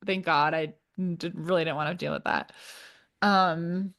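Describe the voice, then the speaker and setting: A young woman co-hosting a podcast, telling a story in animated, casual chat and laughing often. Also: on the low side, a little slow. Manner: animated, laughs often, quotes people in playful voices. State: tired and shaken. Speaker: podcast co-host.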